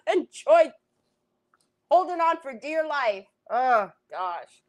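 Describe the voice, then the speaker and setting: This is a home craft livestream where the host, a woman, talks casually with live viewers, welcomes them by name, and bursts into loud laughter and exclamations. Her voice sits high and sing-song, she speaks very slowly, and the recording is low quality.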